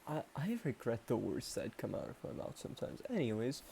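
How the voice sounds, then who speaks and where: A man's voice: mid-range voice, big pitch swings, brisk, vocal fry, dark tone, slight background noise. A young man with a Canadian accent talking casually to the camera in a rambling, self-mocking way, stopping and restarting often. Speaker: vlogger. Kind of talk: casual self-improvement vlog.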